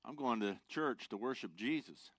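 A man's voice: medium pitch, lively intonation, normal speed, a bit bright, dry recording. A man putting on a sly tipsy moonshiner. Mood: innocent, exclaiming.

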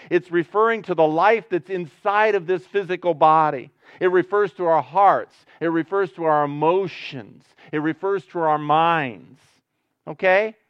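A man preaching in a fairly high voice, earnest and moving between hushed and emphatic. The recording sounds a little dull and dry, close and without room echo. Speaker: pastor. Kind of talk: sermon.

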